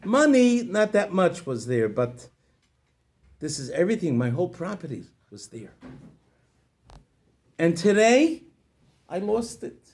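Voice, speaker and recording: A man's voice: a little high, animated, moderate pace, natural voice. A man voicing a grief-stricken man who has lost his whole fortune, talking in a distraught, pleading way.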